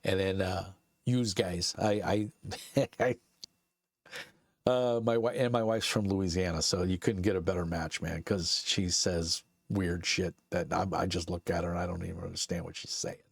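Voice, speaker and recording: Gravelly low-voiced Brooklyn man chatting. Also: level tone, normal speed, dry recording, studio quality. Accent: Brooklyn New York. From Brooklyn, New York. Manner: rambling and chatty, lots of uh fillers and laughs. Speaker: streamer and channel host. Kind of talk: casual live-stream chat. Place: his home basement.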